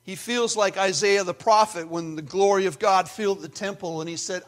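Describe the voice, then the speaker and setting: A male pastor preaching a sermon in an earnest way, dropping to hushed asides and rising to emphatic points, with a slightly high voice. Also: fairly even intonation, normal speed, hardly any pauses.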